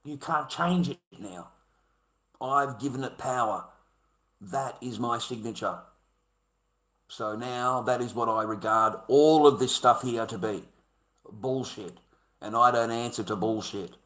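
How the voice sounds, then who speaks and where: A man's voice: medium pitch, a little slow, pauses often, a bit bright. A middle-aged Australian man, a live streamer, angrily ranting in a combative, profane, repetitive way. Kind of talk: angry ranting monologue. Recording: echoey room.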